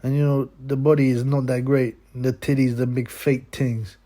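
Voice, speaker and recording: Scornful ranting man, mellow voice. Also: medium pitch, little pitch movement, normal speed. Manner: crude, scornful, keeps tagging "man" and "yeah?". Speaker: channel host. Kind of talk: ranting monologue to camera.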